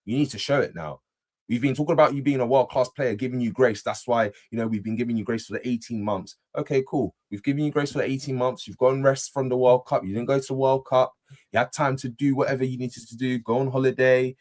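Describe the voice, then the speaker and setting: Young guy talking football real quick, animated, keeps repeating himself. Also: mid-range voice. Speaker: fan channel panelist. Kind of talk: casual football fan chat.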